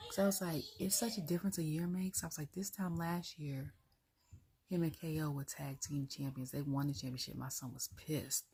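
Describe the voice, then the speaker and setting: A woman's voice: low-pitched, fairly even intonation, moderate pace, mellow, slightly rough. A woman reviewing wrestling in a casual solo rant, chatty, acting out quotes and laughing often.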